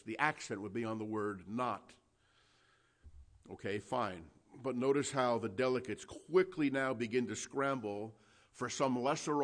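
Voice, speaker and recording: A male pastor preaching a Bible sermon in a conversational, emphatic way, reading verses aloud between his comments. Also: mid-range voice.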